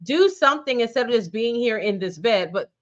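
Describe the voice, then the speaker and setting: A woman's voice: a little high, lively intonation, brisk, muffled recording. A woman guesting on a podcast, giving blunt, outspoken opinions in casual chat and swearing freely. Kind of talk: casual chat about a reality show.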